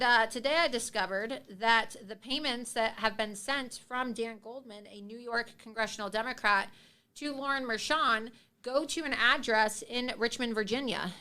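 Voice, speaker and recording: A woman's voice: on the high side, sharp tone, clean tone. Sarcastic woman hosting a livestream. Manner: combative, sarcastic, scornful. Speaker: host. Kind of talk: livestream political commentary.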